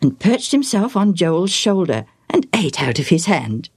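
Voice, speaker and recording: A woman reading a children's story aloud in an expressive, animated way. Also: on the low side, measured pace, slightly rough, dry recording, clean studio sound. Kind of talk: storybook narration.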